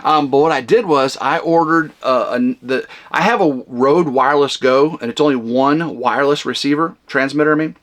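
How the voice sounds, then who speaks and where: A man hosting a vlog, rambling casually at home in a camper cabin, loud and flamboyant with lots of fillers. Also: medium pitch, moderate pace, hardly any pauses. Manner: loud, big flamboyant talker. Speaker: vlog host.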